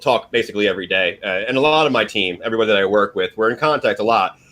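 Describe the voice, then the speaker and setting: Chill dude hosting, talks fast, slangy, says thanks to the guest. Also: male voice, on the low side, a bit bright. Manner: laid-back, appreciative, slangy. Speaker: interview host, team leader. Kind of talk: casual interview chat.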